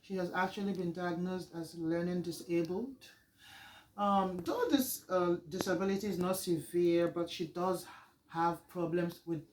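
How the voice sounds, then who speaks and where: A teacher walks through a reading lesson plan. The delivery is halting and explanatory, with frequent pauses to gather thoughts. The voice sits at a middling pitch. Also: fairly even intonation, a little hiss or hum, low-quality recording.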